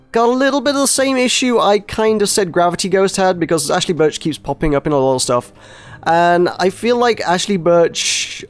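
A man with an English accent giving casual, rambling commentary on a game, hesitant and self-deprecating. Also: on the high side. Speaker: game reviewer.

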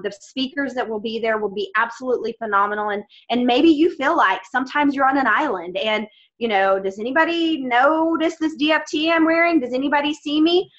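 A woman's voice: fairly high pitch, fairly bright tone, lo-fi sound. A woman giving an encouraging motivational talk to a team on a video call, speaking with emphasis and addressing them as guys.

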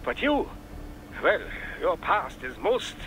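A man's voice: sits high, sing-song, slow, crowd noise, heavily acted, low-quality recording. An actor playing a nervous, hesitant male cyborg doctor in a video game, stammering through his lines. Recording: game audio under loud music.

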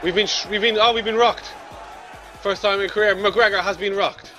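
A man's voice: high-pitched, steady tone, moderate pace, soft background music, a faint crowd. A young man giving brash, swearing commentary on his own video game match, trash-talking the opponent. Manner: brash and swearing, trash-talks the opponent, yells when losing. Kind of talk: casual gameplay commentary.

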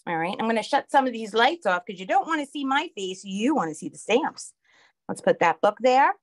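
Fast-talking New York woman teaching crafts. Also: fairly high pitch, big pitch swings. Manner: fast-talking, chatty, keeps checking in with "okay?". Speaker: craft instructor. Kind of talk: live online craft class. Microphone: phone camera.

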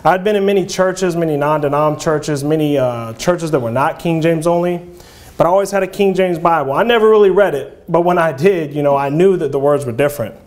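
A man preaching an earnest, halting sermon in a church, with frequent fillers and restarts. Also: fairly high pitch, a little mellow. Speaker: lay preacher.

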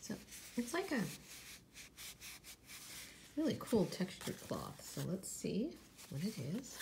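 Woman from California, home unboxing vlogger, animated pitch, chatty and effusive with frequent soft asides. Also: unhurried, vocal fry, long pauses, noisy background. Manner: chatty and gushing, often dropping to a soft whisper. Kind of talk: casual unboxing vlog.

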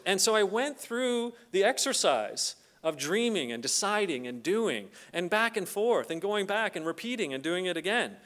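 A middle-aged Canadian man delivers a conference keynote in a high-pitched, unhurried voice. He's an animated storyteller who acts out the voices of the people in his stories.

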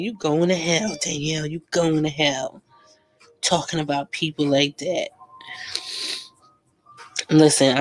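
A young woman, chatting and gossiping casually while she paints live, slangy and laughing often. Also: deep voice. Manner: slangy, laughs a lot, animated storytelling. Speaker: art vlogger painting live.

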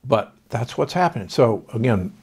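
A man's voice: mid-range voice, lively intonation, normal speed, creaky, a little mellow, breathy edge. An older man, a doctor hosting a podcast, giving confident health advice in conversation. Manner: confident, explanatory, with fillers.

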